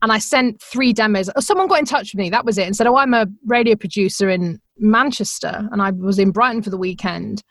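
A middle-aged woman, a radio presenter, telling her career story in a chatty, animated way, laughing often and acting out the voices she quotes. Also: mid-range voice, fairly quick, few pauses, dry recording, studio quality. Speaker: podcast guest, radio presenter. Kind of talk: conversational storytelling.

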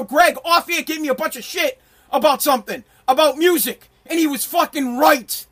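A middle-aged man ranting in a brash, profane, emphatic way, now and then bursting into shouts. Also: very high-pitched, fairly quick. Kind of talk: ranting monologue.

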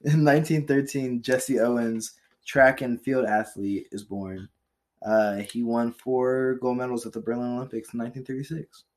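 A man's voice: medium pitch, steady tone, normal speed, darkish tone. A young male podcast co-host with an ordinary mid-range voice. He reads out historical entries from a list in a plain, matter-of-fact way. Between entries he slips into loose joking banter. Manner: reads "on this day" entries off a list, then cracks dry jokes. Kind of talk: casual comedic chat.

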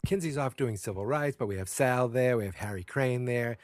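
A man's voice: medium pitch, brisk, no room sound. A man giving a casual spoken recap of a TV episode, rambling with many fillers and self-corrections, and blunt in his opinions.

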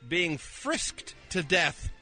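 A man co-hosting a comedy radio show, teasing his partner in an animated, mock-ranting way. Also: a little high, very slow, faint music behind. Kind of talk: casual comedy banter.

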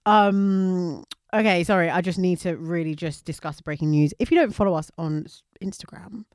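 A young woman, co-hosting a casual chat and telling a story with slang, swearing and quick laughs. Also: fairly low pitch, darkish tone, no room sound, clean studio sound. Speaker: radio and podcast co-host.

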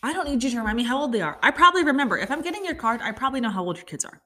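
A woman's voice: fairly high pitch, expressive, very fast, bright, forceful tone. A woman in her thirties rants in a loose, chatty way, full of sarcasm and filler words. She sounds like a host talking casually to regular listeners. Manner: chatty, sarcastic ranting with many likes. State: upset stomach. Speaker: podcast host. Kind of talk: casual chat.

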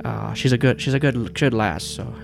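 A man's voice: mid-range voice, normal speed, gravelly, music in the background, close to an everyday voice. A man voicing a stoic, fatherly older leader with a slight New York accent who talks out of the side of his mouth around a cigar. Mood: genial. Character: stoic paternal older male headquarters leader.

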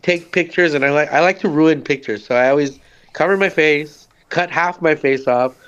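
A man's voice: on the high side, moderate pace, a bit bright, clear, resonant tone, highs cut off. A man from the Southwest US, a podcast guest telling a rambling story in casual chat. He leans heavily on "like", swears freely and acts out the quotes. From Socorro, US Southwest.

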